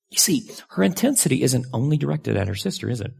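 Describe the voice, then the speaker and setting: A pastor preaching in a loose, conversational way, his voice heavy with gravel and grit. The tone runs husky and a little rough, and now and then he leaps upward in pitch for emphasis. It is a man speaking frankly to a congregation. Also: fast talker. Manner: conversational and candid, with sudden lively jumps in pitch. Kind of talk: sermon.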